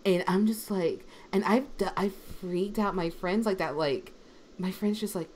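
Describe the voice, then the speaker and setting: A woman's voice: medium pitch, a little slow. A young woman, a substitute teacher who voice acts, chatting on a livestream and telling stories with lots of fillers. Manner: animated storytelling, lots of fillers, swings in loudness. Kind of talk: casual livestream chat. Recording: faint background noise.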